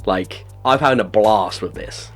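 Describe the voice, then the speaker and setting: A man's voice: fairly low pitch, a little slow, soft background music. A man hosting a casual video game review podcast, talking with gushing enthusiasm and plenty of filler words. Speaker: podcast host.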